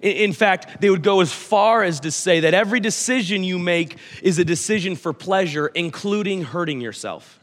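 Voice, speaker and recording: Male pastor in his thirties, animated storyteller, sermon in a reverberant hall. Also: high voice, normal speed, hardly any pauses. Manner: storytelling, animated, acts out his son's lines. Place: church hall. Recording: church hall with long reverb.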